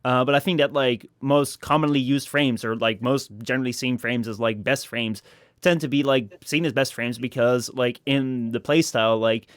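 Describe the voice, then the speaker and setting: A man chatting casually as a podcast guest, rambling with many fillers and restarts and slipping into high mock voices. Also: steady tone, moderate pace, clear, resonant tone, no room sound, clean studio sound.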